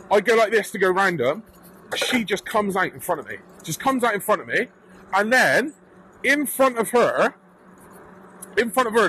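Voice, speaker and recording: A British man vlogging from his electric bike, telling an animated, casual story and swearing now and then. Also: sits high, slightly rough, poor audio. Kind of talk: casual storytelling while riding. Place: outdoors on a bike path.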